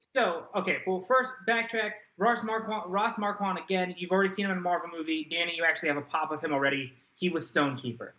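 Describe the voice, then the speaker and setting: A man co-hosts a casual podcast in an animated, performative way, acting out reactions as he talks. His voice is bright and forceful and fairly high for a man. It comes through an echoey room on dull, lo-fi audio. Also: quick pace, hardly any pauses. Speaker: podcast co-host. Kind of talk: casual chat.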